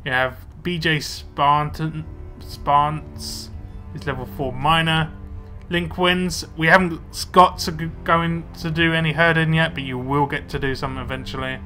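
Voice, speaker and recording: A man's voice: on the high side, flat delivery, normal speed, few pauses, sharp tone, faint music behind. A young man casually commenting on his gameplay, muttering to himself as he plays. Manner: chatty, muttering to himself while playing. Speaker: let's play gamer.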